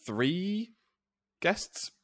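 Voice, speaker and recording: A man's voice: sits high, sing-song, drawn-out words, a bit bright, no echo, clean studio sound. A man co-hosting a podcast in casual chat, laughing often and tripping over his words. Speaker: podcast co-host.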